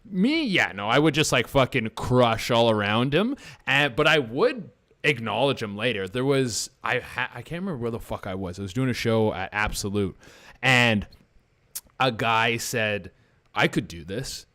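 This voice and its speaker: Profane, animated male podcast co-host. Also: medium pitch, normal speed. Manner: animated storytelling, profane, filler-heavy. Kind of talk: casual chat.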